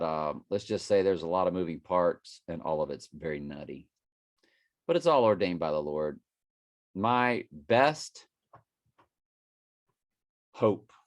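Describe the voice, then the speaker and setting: A man's voice: deep voice, dry recording. A middle-aged man, rambling through a prophecy monologue as an online preacher and jumping between numbers and scripture.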